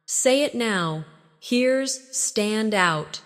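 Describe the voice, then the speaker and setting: A woman who narrates an English lesson in a scripted, instructive way, reading example sentences and pausing so learners can repeat them. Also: a little high, lively intonation, fairly bright tone, in a large hall. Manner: slow, measured, instructive delivery with pauses for repetition. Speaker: English teacher.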